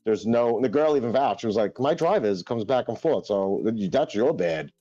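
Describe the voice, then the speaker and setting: A laid-back man co-hosts a casual podcast, speaking in slangy, easygoing replies at a mid pitch. His voice sounds dull and lo-fi, with faint music in the background. The recording is dry. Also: expressive, normal speed, mellow, no echo. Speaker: podcast co-host. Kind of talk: casual chat.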